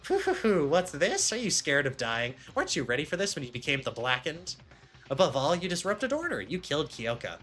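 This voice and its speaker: A man's voice: mid-range voice, bright, forceful tone, pitched above the performer's own voice. A man voicing a gleeful, sadistic male bear headmaster who taunts in a sing-song, mock-cheerful way.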